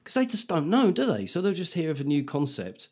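A man's voice: a little high, wildly swooping pitch, a little fast, darkish tone, breathy edge. A middle-aged man hosting a comedy podcast, talking in a sweary, conversational way. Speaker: podcast host.

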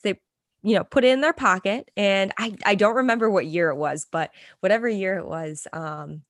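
A woman's voice: mid-range voice, normal speed, dry recording, clean studio sound. A young woman co-hosting a casual sports chat, chatty and laughing often as she tells stories. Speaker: podcast co-host.

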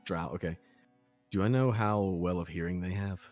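A man's voice: sits low, moderate pace, a little mellow, soft background music. A man playing a tabletop game, talking in an easygoing way and thinking aloud about his moves. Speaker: player. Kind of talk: casual tabletop play.

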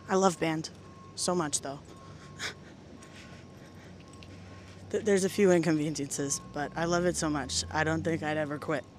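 A woman's voice: low voice, slight background noise. A young woman hosting a podcast, chatting and teasing her way through casual interviews outdoors at band camp. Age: young adult. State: slightly out of breath. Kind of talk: casual chat, roving interviews.

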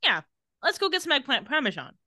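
A young woman recaps a TV episode with a sarcastic, deadpan play-by-play. Her voice is bright and crisp. The sound is dry and close, with no room echo. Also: high voice, fast talker. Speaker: podcast co-host recapping a TV episode. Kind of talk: casual recap chat.

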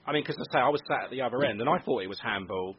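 A man hosting a football podcast in casual chat, chatty and asking questions with quick asides. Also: mid-range voice, lively intonation, crowd noise. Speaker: podcast host. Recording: dull lo-fi audio with faint noise.

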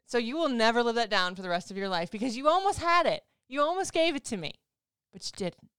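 A woman in her forties co-hosting a casual couple chat, animated and teasing, swearing freely. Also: on the high side, fast talker, clear, resonant tone, dry recording, clean studio sound. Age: 40s. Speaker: podcast co-host.

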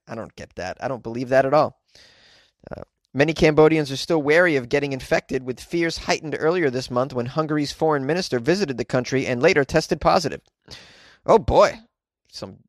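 A man's voice: fairly high pitch, fairly bright tone, no room sound. Sarcastic man riffing on news. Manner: sarcastic, exaggerated asides. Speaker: comedy news commentator. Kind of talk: comedic news reaction.

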